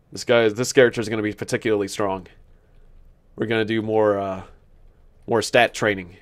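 A man hosting a gaming video, rambling through casual commentary as he plays, joking at his own expense and often restarting his sentences. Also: lowish voice. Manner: rambling, self-mocking, laughs at his own jokes; thinks aloud with many restarts. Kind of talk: casual let's-play commentary.

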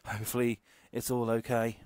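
A man streaming a racing game live, chatting loosely and excitably to viewers and swearing often as he plays. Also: mid-range voice. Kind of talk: casual live-stream commentary while playing. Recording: racing game noise loud behind the voice. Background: game engine and car sounds.

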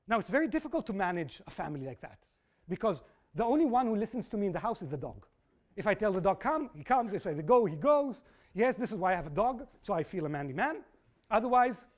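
A middle-aged man giving an open university lecture, telling stories with quoted voices and checking in with the audience. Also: high voice. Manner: animated storytelling with quoted voices; asks audience "yes?" and "okay?". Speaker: guest lecturer.

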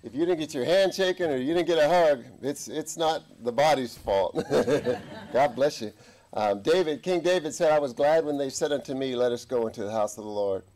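A man's voice: mid-range voice, moderate pace, darkish tone. A man preaching a folksy sermon as a guest chaplain, jovial and joking with the congregation. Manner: jovial, chuckling, folksy asides.

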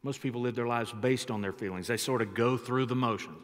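A man preaching a sermon as pastor, emphatic and shifting his loudness for effect, in a church sanctuary. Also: medium pitch, fairly quick. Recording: long church hall reverb.

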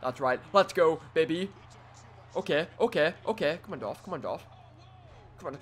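A man giving excitable let's play commentary, trash-talking his opponent and swinging between quiet mutters and sudden yells. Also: a little high, moderate pace, pauses often, husky. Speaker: gaming commentator.

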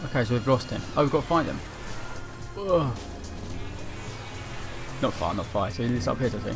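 A man's voice: mid-range voice, lively intonation, racing. A young man giving casual, rambling let's-play commentary with lots of fillers. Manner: chatty, rambling, with many fillers. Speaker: gaming commentator. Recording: game music loud behind the voice.

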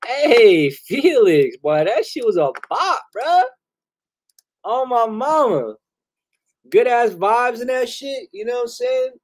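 A man hosting a live music review stream, talking loud and loose with heavy slang and swearing, laughing often. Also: very high-pitched, sing-song, takes it slowly. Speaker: host reviewing submitted music. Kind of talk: casual live-stream chat.

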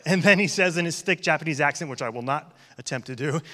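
A man's voice: fairly high pitch, fast, pushed and bright. A man in his thirties preaching a sermon as pastor, telling stories in a conversational, joking way. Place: church hall. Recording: long hall reverb.

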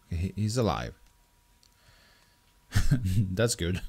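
A man doing let's play commentary, excitable and swearing, coaxing the creature on screen. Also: low-pitched, slow pace, breathy edge. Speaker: gaming commentator.

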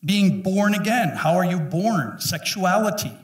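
A man in his fifties preaching with force from the pulpit, his voice pitched a little high. He jokes and acts out quick voices between blunt points. He is heard from some distance in an echoey church room. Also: lively intonation. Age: 50s. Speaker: pastor. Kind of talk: sermon. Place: church sanctuary.

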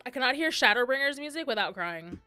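A woman's voice: high voice, expressive, fast talker, bright, forceful tone, soft background music. A young woman streaming a game, chatting casually, gushing and swearing, laughing often.

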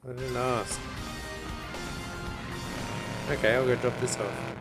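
A man's voice: medium pitch, steady tone, normal speed, over loud music. A man giving casual, wisecracking commentary while he plays a video game. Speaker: gaming commentator. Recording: loud game noise behind.

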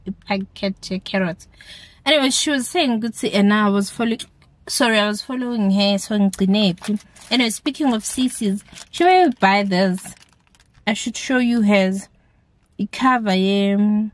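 Relaxed South African woman vlogging. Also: mid-range voice. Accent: South African, mixing in isiZulu words. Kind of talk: casual vlog to camera.

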